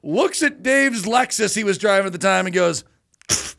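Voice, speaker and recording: A man co-hosting a podcast, telling a road story in a casual, animated way and acting out the quotes. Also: high-pitched, normal speed, vocal fry. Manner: animated, acts out quotes with laughter. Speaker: podcast co-host.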